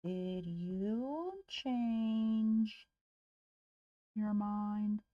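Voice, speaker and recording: A woman's voice: medium pitch, very slow, no room sound, phone-quality sound. A woman making real estate cold calls on a livestream, chatting casually and bluntly to herself in slangy language.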